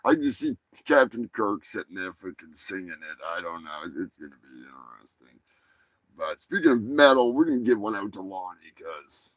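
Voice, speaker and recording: A man hosting a live comedy stream, rambling and excitable and swearing freely. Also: sits low, moderate pace, dry recording. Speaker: host. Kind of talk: casual live-stream chat.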